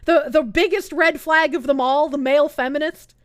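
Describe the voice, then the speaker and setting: A woman's voice: high voice, steady tone, normal speed, no room sound, clean studio sound. A woman streamer ranting live in heated, sarcastic, profane commentary. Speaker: Twitch streamer.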